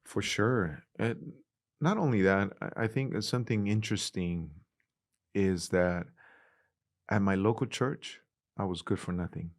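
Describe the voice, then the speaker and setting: A middle-aged man with a Spanish-influenced accent, a youth ministries director telling animated stories in an interview and acting out the dialogue. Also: on the low side, measured pace, pauses often, no echo, clean studio sound. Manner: animated storyteller, acts out quoted dialogue. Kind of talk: conversational interview.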